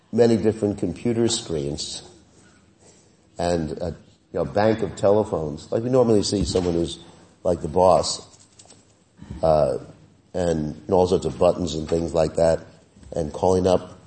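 A man giving a scripture class in a relaxed, conversational way, with many fillers, sometimes chanting Sanskrit verses. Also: sits low, measured pace, pauses often. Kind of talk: sermon. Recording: voice heard from a distance.

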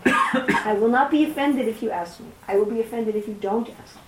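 Middle-aged woman teaching a scripture class, slow and distinct, roomy echo. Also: fairly high pitch, a little hiss or hum. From New York City. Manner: slow, deliberate, very distinct speech. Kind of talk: reading and explaining scripture to a class. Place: room with a small class.

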